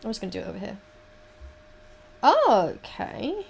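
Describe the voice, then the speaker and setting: A woman's voice: fairly high pitch, huge pitch swings, normal speed, vocal fry, husky. A woman livestreaming as she paints, chatting casually, muttering to herself and swearing now and then. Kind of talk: casual chat while painting.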